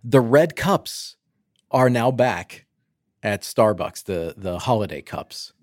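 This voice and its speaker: Man, podcast co-host, casual roundtable talk, teasing, fairly low voice, dry sound. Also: slow, no room sound. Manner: lively, teasing, many fillers.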